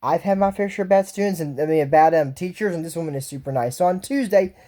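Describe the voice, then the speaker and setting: Brief: woman storyteller-comic, mellow low-toned voice, rambling joke delivery with quick character asides. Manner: loose storytelling with quick voiced asides for each person in the tale. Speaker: comedian telling a joke.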